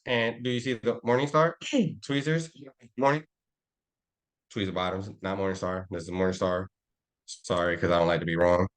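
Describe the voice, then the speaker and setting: A man's voice: medium pitch, a bit bright. A young man teaching a live trading class with street slang, brash and boastful, swearing freely. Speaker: trading instructor.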